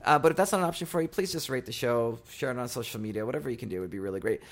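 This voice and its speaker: A man's voice: mid-range voice, very fast. A man hosting a casual whisky podcast, laid-back and rambling, full of fillers and restarts. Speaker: podcast host.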